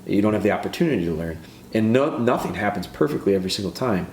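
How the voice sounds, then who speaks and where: A man's voice: lowish voice, lively intonation, fast, a little mellow. A man hosting a podcast as a dog trainer, explaining in a casual, earnest way and often restarting and repeating his phrases. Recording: echoey room with faint background noise.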